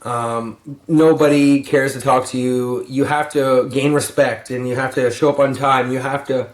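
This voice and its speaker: Brief: weary young guy, mid-pitch, casual and cursing, roomy home echo. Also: steady tone, moderate pace. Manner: rambling, profane, yawning and sighing. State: tired. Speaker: vlogger, lumber yard crew lead. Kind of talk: rambling casual advice vlog. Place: room at home.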